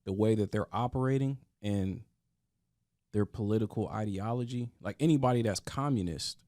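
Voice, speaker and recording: Low-voiced man in earnest podcast talk. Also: moderate pace, mellow, dry recording, studio quality. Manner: earnest, with frequent restarts and stammers. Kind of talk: casual podcast discussion.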